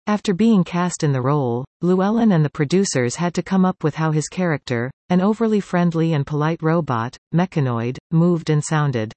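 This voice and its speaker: Man reading a news piece, fairly high voice. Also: expressive, a little fast, few pauses, darkish tone, no room sound. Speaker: reporter. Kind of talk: scripted news narration.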